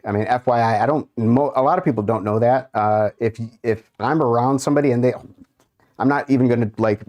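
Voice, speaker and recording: A man's voice: fairly low pitch, darkish tone. A man hosting a casual livestream, reading viewers' chat aloud and muttering to himself while he browses. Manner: unhurried, muttering while browsing, amused asides. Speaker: livestream host.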